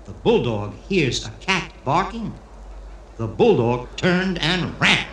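Performing stand-up before a live crowd, this man speaks slowly in a sing-song, fairly bright voice that sits on the high side. His storytelling leans on Yiddish turns of phrase and put-on character voices, captured in an echoey space with a little noise.

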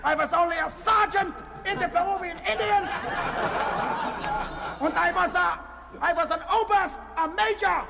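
A man playing an ex-officer posing as a plantation owner, evasive and slipping into boastful shouting. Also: sits high, moderate pace, a faint crowd.

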